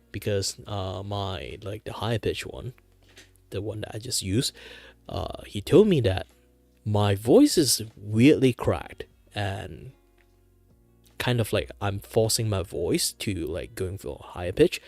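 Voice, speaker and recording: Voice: low-pitched, creaky, no room sound. A VTuber from Malaysia, chatting casually while drawing on stream, with many fillers and restarts. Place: home streaming setup.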